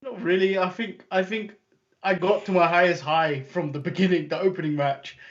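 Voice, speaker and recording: A man's voice: high-pitched, steady tone, normal speed, highs cut off. A man with an English accent co-hosting a wrestling podcast, wry and laughing. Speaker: podcast co-host. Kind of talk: casual wrestling chat.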